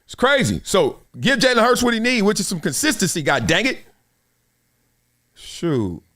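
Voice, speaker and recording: A man hosting a live sports talk show, giving opinionated commentary in a slangy, animated manner and laughing often. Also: high-pitched, moderate pace.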